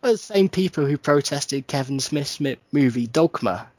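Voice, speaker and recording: A man's voice: fairly high pitch, moderate pace. A man co-hosting a podcast, chatting casually and a bit sleepily. He swears a lot and slips into silly mocking voices. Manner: sweary, animated, mimics people in silly voices. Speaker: podcast co-host. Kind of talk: casual chat.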